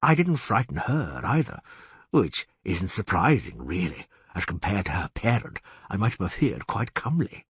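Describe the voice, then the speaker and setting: Husky, low-voiced beast-man done by a male reader, genial and boastful, audiobook, dry close sound. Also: sing-song, moderate pace, dry recording, exaggerated voice. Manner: chatty, confiding, wry. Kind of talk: audiobook reading.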